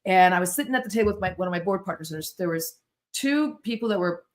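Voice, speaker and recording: A middle-aged woman from the United States, a podcast guest telling stories in an animated, self-interrupting way. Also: on the low side, fast. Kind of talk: casual storytelling interview.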